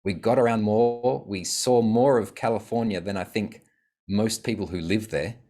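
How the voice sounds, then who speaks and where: A man's voice: lowish voice, normal speed. A man, a podcast guest, telling reflective stories about his life in a casual conversation. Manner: reflective storytelling.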